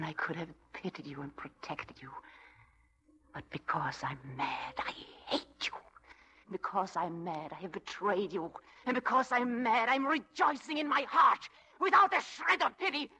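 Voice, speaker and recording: An actress playing a tormented young wife in a 1940s radio drama, her delivery breathy and theatrical. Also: on the high side, bright, forceful tone, exaggerated voice. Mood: vengeful. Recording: old radio drama broadcast.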